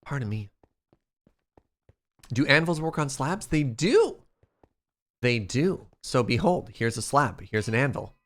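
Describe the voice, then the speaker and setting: A medium-pitched man talks at a measured pace, leaving long pauses, during a live stream of a building game. He's still animated and playful, chatting with his viewers and talking to the chat.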